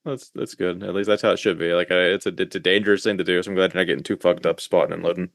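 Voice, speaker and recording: A man's voice: low-pitched, flat delivery, racing, vocal fry, no echo, clean studio sound. A man co-hosting a podcast in casual chat, blunt and heavily profane. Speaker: podcast co-host.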